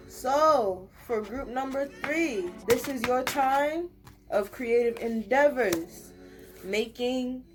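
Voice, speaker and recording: A woman's voice: on the high side, darkish tone. A young woman giving a casual, rambling pick-a-card tarot reading to camera, talking earnestly and reassuringly. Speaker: tarot reader.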